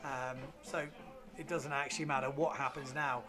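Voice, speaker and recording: A man commentating live on a windsurf race, reading out results in a relaxed, chatty way with fillers. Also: medium pitch, moderate pace.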